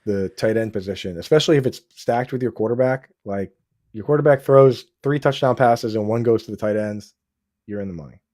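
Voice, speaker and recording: An excitable man talks through a casual fantasy football chat with a warm, mellow voice. He restarts his sentences a lot and throws in dude and bro. The sound is dry and close. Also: fairly low pitch, a little fast, no room sound. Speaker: podcast host.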